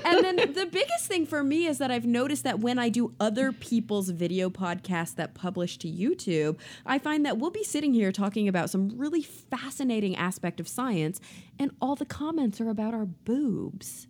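A woman with a Californian accent and vocal fry, hosting a science podcast in chatty conversation. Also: a little high, normal speed. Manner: chatty, laughing, animated. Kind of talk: casual chat.

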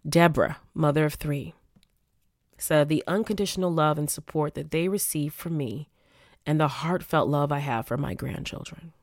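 A woman hosts a solo podcast, her voice sitting low in pitch. She reads out answers with quiet, heartfelt sincerity. The sound is dry and close, with no room echo. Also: moderate pace. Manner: heartfelt, reflective, reading listener answers aloud. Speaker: podcast host.

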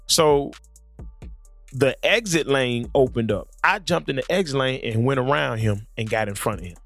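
Gravelly-voiced man telling stories. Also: mid-range voice, normal speed, soft background music. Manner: animated, repeats words when starting sentences. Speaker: podcast host. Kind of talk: casual chat with storytelling. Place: studio, sitting across from a guest. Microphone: studio microphone.

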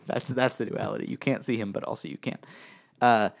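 A man with a low, gravelly voice chats casually on a podcast, circling his points with fillers and false starts. He sounds unscripted and conversational. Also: fairly even intonation, normal speed. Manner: rambling, hesitant, many restarts and fillers. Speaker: podcast co-host.

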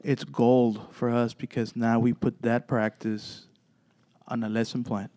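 A man with a warm, mellow voice tells stories from his paranormal investigation group in a chat. He stumbles through fillers and restarts, then slips into the voices of the people in his story. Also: mid-range voice, flat delivery. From Texas. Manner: halting, many fillers and restarts, acts out dialogue.

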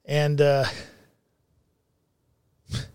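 A man's voice: fairly high pitch, monotone, very slow, warm tone, clear, resonant tone, dry recording. A middle-aged man hosting a commentary show, ranting in a blunt, profane and heated way. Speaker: show host.

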